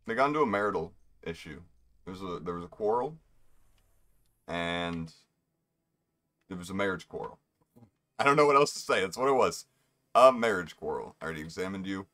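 A man's voice: sits low, lively intonation, fairly quick, long pauses, fairly bright tone. A young man giving rambling, joking commentary while streaming a video game. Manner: rambling, joking asides to himself. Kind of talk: casual gameplay commentary.

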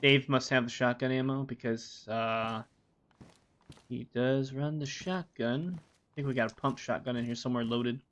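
A man's voice: mid-range voice, steady tone, moderate pace. A man streaming a game, rambling to himself and his viewers with plenty of swearing. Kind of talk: casual gameplay commentary. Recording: dull lo-fi recording.

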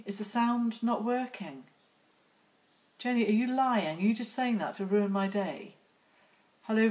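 Slow-talking woman greeting viewers. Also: medium pitch. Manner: chatty, teasing, greets viewers by name. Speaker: artist hosting a live stream. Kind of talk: casual live-stream chat greeting viewers. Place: outdoors near lambs. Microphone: phone.

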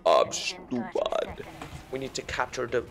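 A man's voice: medium pitch, animated, a little slow, creaky, fairly bright tone. A man doing a celebrity impression while commentating a game, meandering and self-mocking and easily sidetracked. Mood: rambling. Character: slow, gravelly, rambling celebrity-impression man.

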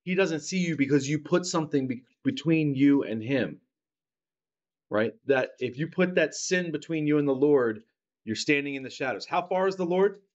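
Man preaching a relaxed sermon, lo-fi. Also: on the high side, normal speed. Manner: conversational, asks the congregation "right?" often; acts out children's grudging apologies. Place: church.

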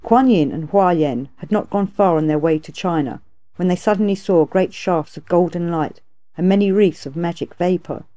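A woman narrating a classic tale as an audiobook reader, in a steady, even reading. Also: fairly low pitch, normal speed. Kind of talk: scripted storybook narration.

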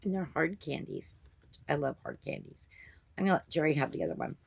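Gravelly, husky woman gushing over crafts. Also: low-pitched, sing-song, brisk. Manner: gushing, chatty, gasps at each item. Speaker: crafting channel host. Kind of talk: casual unboxing chat.

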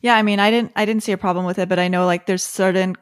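A woman interviewing an actor, friendly and quick to laugh along. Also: medium pitch, fairly even intonation, clear, resonant tone, no echo. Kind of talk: interview questions.

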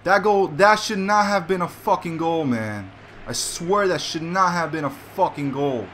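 A man's voice: a little high, measured pace, a bit bright, slight background noise. A young man playing a football video game, ranting and swearing in frustration. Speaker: gamer. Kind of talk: live gameplay commentary.

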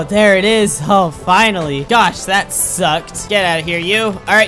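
Bright-voiced excitable man gaming. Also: high-pitched, normal speed, hardly any pauses, faint music behind. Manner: frantic, exclaiming and laughing at himself. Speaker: gaming commentator. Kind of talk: excitable gameplay commentary.

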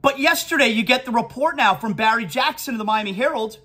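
A man's voice: very high voice, animated, fast talker, bright, forceful tone, breathy edge. A man hosting a sports talk show, ranting emphatically and repeating his key points. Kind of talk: sports talk podcast rant.

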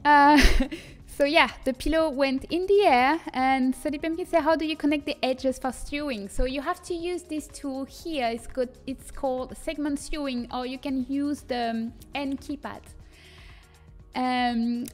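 A French-accented young woman with a high, light voice walks viewers through a 3D design tool on a livestream. She chats easily, laughs often and breaks off to answer chat. Soft music plays faintly underneath. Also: moderate pace, hardly any pauses. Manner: chatty, laughs often, reads chat aloud. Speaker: streamer teaching custom content. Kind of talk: casual livestream tutorial.

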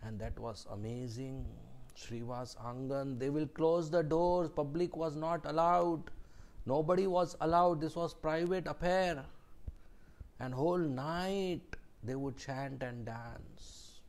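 A man tells a devotional story in a scripture class. His delivery is slow and deliberate. His voice sits fairly high, and he sometimes drops to a hush for emphasis. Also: steady tone. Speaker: speaker giving a scripture class.

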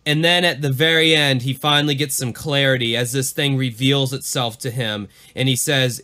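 A man's voice: medium pitch, moderate pace, hardly any pauses. A man co-hosting a podcast, mixing casual chat with dramatic readings. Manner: animated, leaning into the creepy parts. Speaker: podcast co-host.

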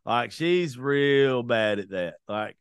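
A man's voice: medium pitch, lively intonation, takes it slowly, smooth, no room sound. Blunt, profane man hosting. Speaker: podcast host. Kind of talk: casual chat.

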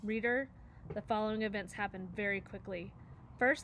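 A woman's voice: medium pitch, normal speed. Woman reading a storybook aloud. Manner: expressive, acts out voices. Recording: faint background noise.

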